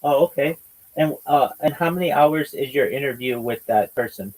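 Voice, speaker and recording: A man's voice: medium pitch, moderate pace, a little mellow, rough recording. A man hosting a casual livestreamed podcast chat, teasing and rambling in a mock-lecturing way. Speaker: podcast host.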